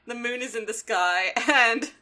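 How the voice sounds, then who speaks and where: Bright-voiced female podcast host. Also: a little high, normal speed. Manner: animated, laughs often, swears. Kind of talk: casual chat recapping a cartoon.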